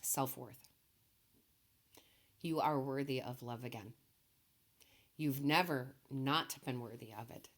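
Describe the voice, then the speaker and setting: A tearful woman reads tarot in a very deep, low voice. She speaks softly and gently, reassuring her listeners and checking in with them often. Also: takes it slowly, long pauses. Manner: soft-spoken, emotional, reassuring, says okay often. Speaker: tarot reader. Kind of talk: emotional tarot reading.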